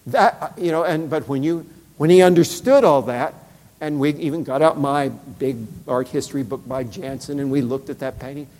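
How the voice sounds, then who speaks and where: A man's voice: fairly high pitch, normal speed, a little mellow. A middle-aged man telling a personal story in a casual, conversational way, with lots of fillers and short acted-out quotes. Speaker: speaker. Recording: long hall reverb.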